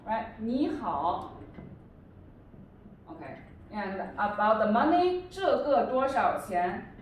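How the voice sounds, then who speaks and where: Woman, language tutor, slow careful delivery, fairly high voice, recorded from a distance in an echoey classroom with faint background noise. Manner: patient, repeats words slowly and checks with "right?". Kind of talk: classroom lesson. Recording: roomy echo from far off with faint noise.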